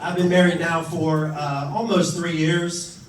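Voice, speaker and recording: On a comedy club stage, a stand-up comedian in his thirties tells profane, exasperated stories about his family, acting out their words as the audience laughs. His voice is a little high with little pitch movement and an unhurried pace. The echoey room, distant mic and crowd laughter make for a noisy background.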